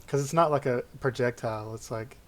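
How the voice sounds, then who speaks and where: A man's voice: medium pitch, a little fast. Easygoing man running a tabletop game. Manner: relaxed, explains rules and narrates enemy actions. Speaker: game master.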